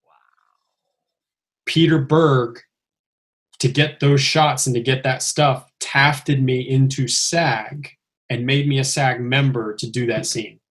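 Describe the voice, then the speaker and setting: A man tells a story in a relaxed podcast chat. He gets animated and acts out the lines he quotes. His voice sits at an ordinary middle pitch. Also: slow pace, pauses often. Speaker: stuntman telling his story.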